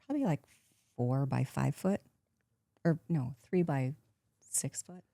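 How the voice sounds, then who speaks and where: A woman in her fifties, an actress turned painter, is a guest in a casual interview, telling stories in a lively way, acting out what others said and laughing often. Her voice is very low for a woman, soft, mellow, and gravelly, at a measured pace. The sound is dry and close with no room sound.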